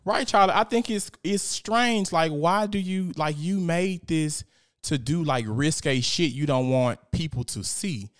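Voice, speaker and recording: A young man hosts a casual live stream, talking in an animated, profane way and reading out viewer comments. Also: on the high side, unhurried. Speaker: host.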